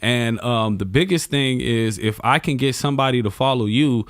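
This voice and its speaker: A man who is a comedian, chatting casually on a podcast and telling animated, slangy stories with plenty of swearing. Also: mid-range voice, normal speed, dry recording, studio quality. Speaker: comedian guest.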